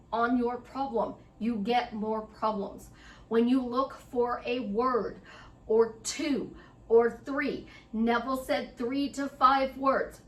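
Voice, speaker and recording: A middle-aged woman life coach with a slightly high voice delivers a chatty, rambling motivational monologue directly to the listener. She sits far from the mic, so her voice comes through off-mic in an echoey room.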